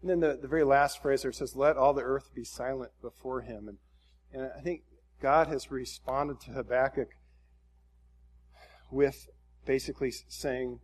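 A man teaching from the Bible in a relaxed, conversational way, often restarting phrases and reading scripture aloud with rising emphasis. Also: mid-range voice, normal speed, long pauses, slightly rough. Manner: casual, thinking aloud with frequent restarts.

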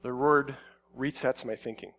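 A man giving a conversational sermon, shifting from quiet reflective musing to loud emphatic outbursts. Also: medium pitch, fairly even intonation, unhurried. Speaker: pastor.

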